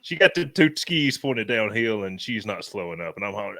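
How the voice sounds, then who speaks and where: A man, co-hosting a podcast and telling animated stories in rural slang. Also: lowish voice, brisk, hardly any pauses, dry recording. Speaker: podcast co-host. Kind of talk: casual storytelling chat.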